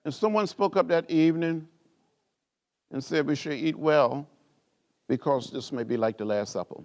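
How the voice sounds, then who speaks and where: A man's voice: on the high side, a little mellow. Older man with a preaching cadence. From rural Alabama. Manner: measured, rhythmic, preacher-like cadence with repeated phrases. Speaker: guest speaker at a library author event. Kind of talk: oratorical storytelling speech.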